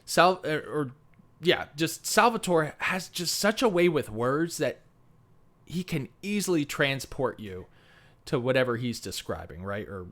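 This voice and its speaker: A man's voice: on the high side, very animated, unhurried, fairly bright tone. A man co-hosting a book podcast, talking animatedly with lots of fillers and laughter. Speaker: podcast co-host. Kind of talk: casual book discussion.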